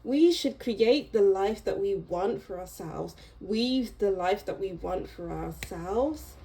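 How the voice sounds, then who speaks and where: Slow, mellow-voiced woman reading tarot. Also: mid-range voice, animated, a little hiss or hum, poor audio. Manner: slow, reflective, gently encouraging with pauses and restarts. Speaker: tarot reader. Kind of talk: unscripted tarot reading monologue.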